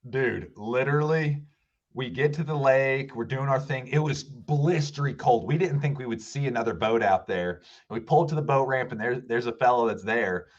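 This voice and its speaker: A man guest on a fishing podcast, telling a story in a lively, casual way and acting out what people said. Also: mid-range voice, moderate pace, muffled recording. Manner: animated, acts out quoted voices.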